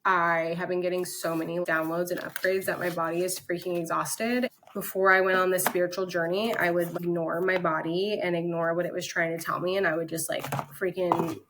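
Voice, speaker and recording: A woman's voice: fairly low pitch, flat delivery, brisk, hardly any pauses, noisy background. A young woman giving a casual, enthusiastic oracle card reading, reading card text aloud and chatting between passages. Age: young adult. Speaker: spiritual content creator.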